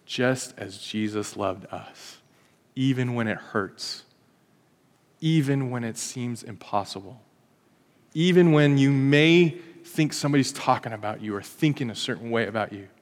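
A man's voice: mid-range voice, unhurried, long reverb tail. A male pastor preaching in a conversational, joking way, acting out little everyday scenes. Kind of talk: sermon. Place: church.

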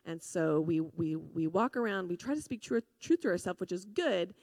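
A woman giving a sermon in an earnest, conversational way, full of fillers and restarts, moving between hushed grief and lively emphasis. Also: lowish voice, normal speed, dry recording. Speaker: preacher.

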